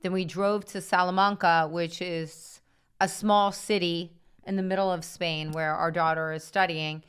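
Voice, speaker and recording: A middle-aged woman co-hosting a casual chat show, telling travel stories in a lively way and laughing often. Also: lowish voice, smooth. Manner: lively storytelling, quick to laugh. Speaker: co-host.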